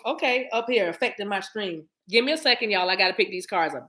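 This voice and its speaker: Woman, live-stream card reader, reads cards aloud and riffs to viewers, mid pitch. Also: animated, fast, hardly any pauses, pushed and bright. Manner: chatty and familiar, addresses viewers as y'all.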